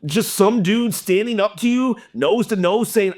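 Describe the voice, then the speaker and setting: A young man hosting a wrestling channel, delivering an animated, exasperated opinion rant to camera. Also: sits high, a little slow.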